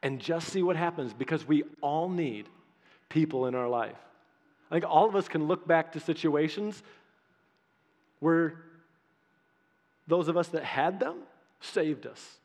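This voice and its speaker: A man preaching a sermon in a conversational, animated way, acting out the quotes in his stories. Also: fairly high pitch, measured pace, long pauses, long reverb tail. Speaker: pastor.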